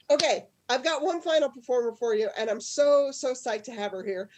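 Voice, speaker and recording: A woman hosting a live storytelling comedy show over a video call, chatty and quick to laugh as she tells her own tale and introduces acts. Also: high-pitched, a little mellow. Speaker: show host.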